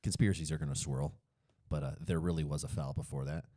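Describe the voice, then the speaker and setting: A man's voice: very deep voice, steady tone, fast talker, warm tone, no room sound, studio quality. A man with a Colorado accent, co-hosting a podcast in casual chat, rambling and correcting himself as he goes. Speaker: podcast co-host.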